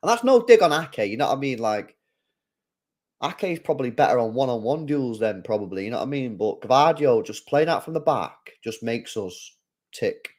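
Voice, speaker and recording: Chatty young football fan. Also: male voice, mid-range voice, expressive, moderate pace, darkish tone. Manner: chatty slang-heavy fan talk, rambling with restarts. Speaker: football watchalong host. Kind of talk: casual live match commentary.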